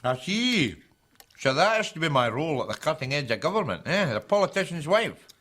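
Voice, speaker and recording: A man's voice: a little high, very animated, brisk, fairly bright tone. A man playing a scruffy, crude, middle-aged Glaswegian man who mocks people with sarcastic asides. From Glasgow. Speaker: sitcom character. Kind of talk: sitcom acting. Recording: TV clip with music over it.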